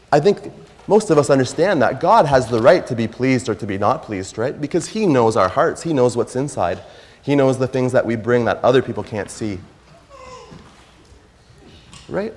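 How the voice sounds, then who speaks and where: Male children's teacher, mid-pitched, chatty, asks kids questions, slow scripture reading, long hall reverb. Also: expressive, darkish tone. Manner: conversational, asks the children questions, reads verses slowly. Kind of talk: Bible lesson for children. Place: church.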